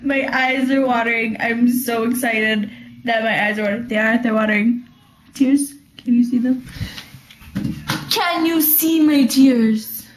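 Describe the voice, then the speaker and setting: A woman's voice: a little high, fairly even intonation, normal speed, shouting. Bubbly rambling teen girl, echoey room. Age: teens. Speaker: vlogger. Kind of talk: casual chat to camera. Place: at home, lying on the floor.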